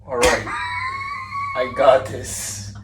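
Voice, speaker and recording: A man's voice: mid-range voice, huge pitch swings, extremely slow, raised voice. A young man co-hosting a casual podcast, laughing as he tells stories. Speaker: podcast co-host. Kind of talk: casual chat. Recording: roomy room, mic at a distance, faint noise.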